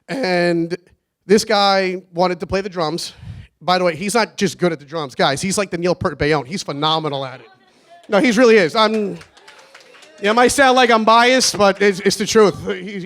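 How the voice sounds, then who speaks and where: A man's voice: sits high, moderate pace, fairly bright tone. A man giving a rambling, nervous wedding toast for his brother, laughing often. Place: wedding reception.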